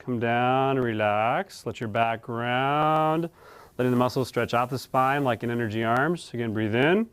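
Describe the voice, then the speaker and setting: Guy talking you through qigong moves, breathe in breathe out, smooth clear voice, slow and calm. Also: medium pitch. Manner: calm, slow guiding cues with long pauses. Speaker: qigong instructor. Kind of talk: guided exercise instruction.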